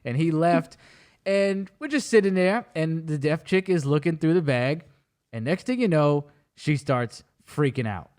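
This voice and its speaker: Man, high voice, podcast host, casual storytelling, animated impressions. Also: measured pace. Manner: animated storyteller who acts out other people's lines.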